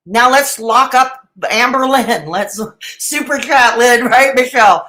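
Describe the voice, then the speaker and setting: A middle-aged woman streams live reaction commentary in a fairly high, slightly bright voice at a slow pace. She's sarcastic and mocking, tossing in dramatic asides and laughter, though the audio quality is poor.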